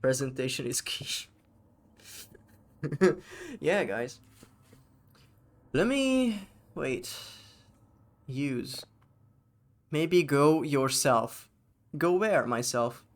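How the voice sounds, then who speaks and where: This medium-pitched male streamer has lively intonation, drawing out words and pausing often. His live gameplay talk is casual, sarcastic, and full of swearing as he jokes with chat.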